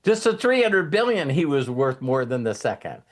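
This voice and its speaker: A man hosting a casual motivational talk, rambling and animated, often acting out what other people say. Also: mid-range voice, normal speed. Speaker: host.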